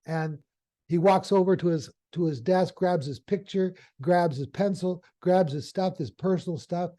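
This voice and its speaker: A man teaching through an animated, folksy story as a hypnotherapy trainer. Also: sits high, a little slow. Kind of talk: storytelling lesson.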